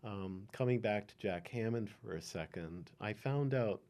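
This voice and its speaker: An older man telling stories from his past in an oral history interview, unhurried with many ums and chuckles. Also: on the low side, darkish tone. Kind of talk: reminiscing storytelling.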